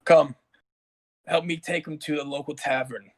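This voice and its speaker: A man voicing a solemn, measured king. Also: fairly high pitch, steady tone, no echo, natural voice, poor audio. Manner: slow, measured pleading. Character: solemn male king, calm ruler.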